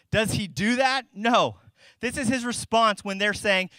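A middle-aged man pastor delivers a sermon in a high, bright voice. He talks in a loose, conversational way and often restarts his phrases. The sound is close and dry. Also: unhurried, dry recording. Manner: conversational preaching with repeated restarts.

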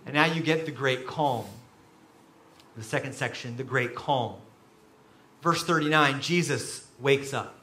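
A man preaching a sermon as pastor, telling stories with animated, sudden loud bursts. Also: mid-range voice, a little slow, pauses often, echoey room. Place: church.

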